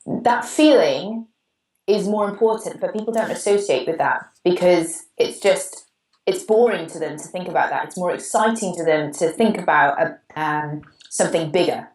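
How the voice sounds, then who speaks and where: A woman's voice: fairly low pitch, moderate pace, darkish tone, roomy sound, poor audio. A Welsh woman co-hosting a podcast, chatting casually and reading out a listener's question, with a digressive manner. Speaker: podcast co-host.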